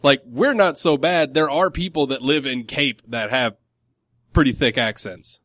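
A man's voice: medium pitch, a little slow, a bit bright, no room sound, studio quality. A man co-hosting a podcast in casual chat, explaining things at length with frequent laughs. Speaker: podcast co-host.

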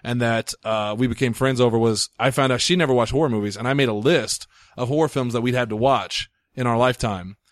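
Guy talking quick in a dry room, eager, casual chat with friends. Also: mid-range voice, no room sound. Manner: enthusiastic, rattles off movie titles.

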